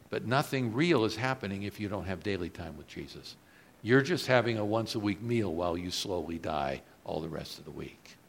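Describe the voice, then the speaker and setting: A man preaching a sermon, moving between quiet reflective lines and loud, emphatic questions put to the congregation. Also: expressive, normal speed, vocal fry. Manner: swings from soft low asides to loud emphatic rises; asks the audience questions.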